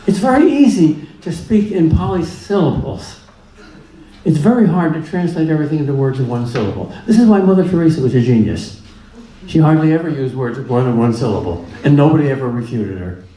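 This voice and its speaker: A man's voice: on the high side, animated, fairly quick, dark tone. A man giving a public lecture in a plainspoken, humorous way, driving points home through repetition. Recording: echoey room with faint ambience.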